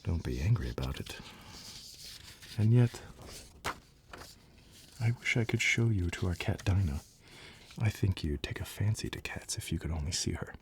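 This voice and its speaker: A man's voice: low voice, animated, normal speed, pauses often, slight background noise. A man whispering the part of a curious, polite little girl in a bedtime storybook reading, as whispered role-play. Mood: soothing. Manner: soft, breathy whisper, earnest and fretful.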